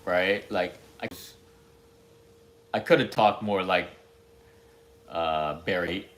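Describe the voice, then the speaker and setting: A man's voice: low-pitched, slow pace, fairly bright tone. A man rambling candidly to himself in a casual, self-deprecating monologue.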